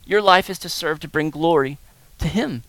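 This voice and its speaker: A male pastor delivering a sermon in a bright, forceful voice. He swings from hushed, low stretches to loud, high-pitched emphasis. The sound is close and dry, with no room echo. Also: moderate pace.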